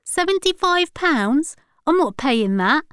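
A woman's voice: high-pitched, sing-song, slow, a bit bright, dry recording, studio quality, pitched above the performer's own voice, heavily acted. A woman reading the part of a brash, defiant teenage boy in an audiobook. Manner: brash, mocking.

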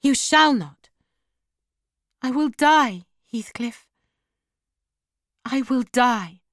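A woman's voice: sits high, expressive, extremely slow, fairly bright tone, no echo, clean studio sound, pitched above the performer's own voice, full character voice. A woman reading an audiobook and voicing a dying young woman, wild, pleading and desperate.

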